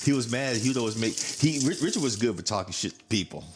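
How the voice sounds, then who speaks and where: A man's voice: medium pitch, animated, fast, background noise. A man hosting a podcast in casual chat, blunt and profane, laughing as he tells family stories. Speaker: podcast host.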